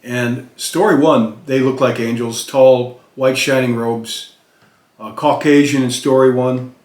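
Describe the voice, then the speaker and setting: An older man telling a personal story off the cuff, rambling with restarts and pauses. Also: medium pitch, fairly even intonation, darkish tone, roomy sound. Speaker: storyteller recounting a personal encounter.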